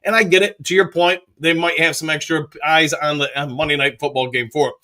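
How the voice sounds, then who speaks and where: A man hosting a live fan stream, reading viewer comments with upbeat, rapid shout-outs. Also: a little high, steady tone. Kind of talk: casual live chat reading.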